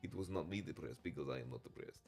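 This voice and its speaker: A young man with a very low, gravelly voice rambles in a goofy, deadpan way, slipping into a mock Russian accent. He co-hosts a casual Bible discussion podcast. Faint music plays underneath. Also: quick pace. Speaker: podcast co-host.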